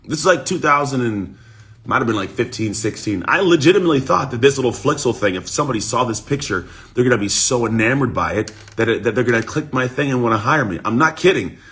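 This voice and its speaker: A man coach giving an energetic motivational talk on a livestream, his voice rough from the morning. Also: medium pitch, quick pace. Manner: energetic, repetitive, talks straight to viewers. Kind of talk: live-streamed motivational talk.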